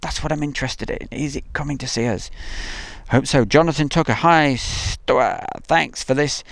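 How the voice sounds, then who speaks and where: A man hosting an outdoor live stream by an airfield, chatting casually and reading out viewer comments, joking and pausing with frequent ums. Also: medium pitch, creaky, fairly bright tone, no room sound. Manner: chatty, jokey, halting with many ums.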